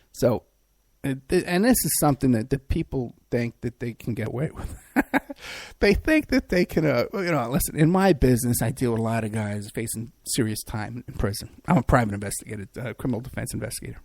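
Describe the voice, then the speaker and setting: A man's voice: on the high side, animated, fairly quick, vocal fry, a little mellow, dry recording. A man hosting a podcast who also works as a private investigator. He talks in a rambling, sarcastic way, with many fillers and restarts. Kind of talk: casual mocking commentary.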